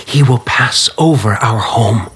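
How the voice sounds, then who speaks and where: A gentle, breathy father. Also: mid-range voice, measured pace. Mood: tender, reassuring. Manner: soft, reassuring, often whispering. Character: gentle Israelite father comforting daughter. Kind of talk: audio Bible drama.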